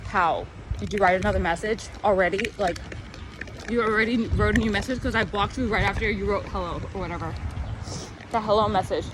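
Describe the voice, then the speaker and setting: A young woman vlogger telling a casual storytime rant, animated and exasperated, rambling with many fillers. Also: medium pitch, fairly quick, background noise.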